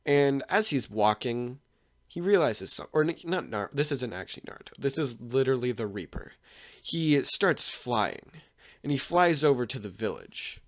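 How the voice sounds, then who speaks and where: A man's voice: mid-range voice, very animated, normal speed. A man casually retelling a fan story, rambling with many restarts and fillers.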